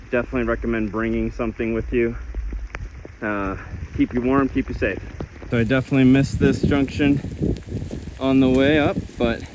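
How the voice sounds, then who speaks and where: A man vlogging a hike on a rainy mountain trail, giving relaxed, practical trail tips while out of breath. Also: medium pitch, slight background noise, low-quality recording. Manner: relaxed, practical, self-deprecating. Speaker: hiking vlogger. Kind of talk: casual trail commentary. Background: light rain.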